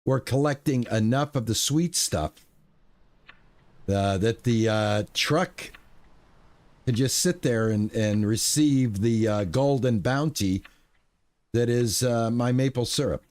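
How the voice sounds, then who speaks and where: A man's voice: medium pitch, takes it slowly, darkish tone. A man streaming a video game, talking through his play in a rambling, playful way with goofy exclamations. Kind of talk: casual gameplay commentary.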